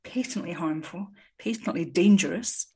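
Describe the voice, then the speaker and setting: Husky-voiced woman psychologist explaining. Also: on the low side, dark tone. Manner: articulate, measured, with frequent ums. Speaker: psychologist guest. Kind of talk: conversational expert explanation.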